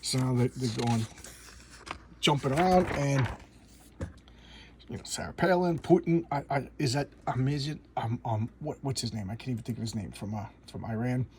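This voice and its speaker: A man casually recapping and reviewing a comic book, rambling and halting with frequent restarts and chuckles. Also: medium pitch, a little mellow, slight background noise.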